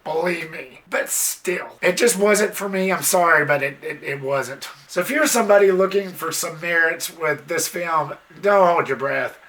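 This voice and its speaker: A movie reviewer giving a casual, blunt spoken film review, exasperated and swearing a little, sometimes jumping into high squealing impressions. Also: normal speed, few pauses, a bit bright. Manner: mimics characters in sudden high squeals.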